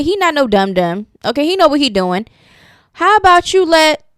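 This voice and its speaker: A woman's voice: high voice, smooth, dry recording, clean studio sound. A woman giving sassy, casual gossip commentary, reading posts aloud and reacting to them. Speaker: commentary channel host.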